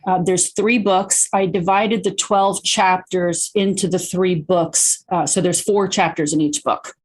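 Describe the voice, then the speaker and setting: A middle-aged woman chatting as a guest author in an interview. She talks animatedly and quickly, with many "you know"s and restarts. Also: lowish voice, steady tone, breathy edge. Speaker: guest, children's book author. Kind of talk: casual interview chat.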